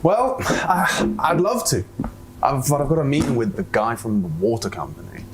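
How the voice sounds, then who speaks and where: A man's voice: medium pitch, big pitch swings, normal speed, over a noisy crowd. A man speaking in a flustered, self-important way in a comedy sketch.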